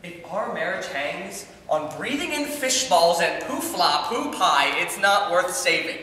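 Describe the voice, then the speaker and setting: A man's voice: high voice, lively intonation, unhurried, bright, forceful tone, slight background noise, full character voice. A young man playing an exasperated young husband and tired lawyer in a stage comedy, performing theatrically and often laughing. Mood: weary. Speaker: student actor. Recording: echoey hall from far off.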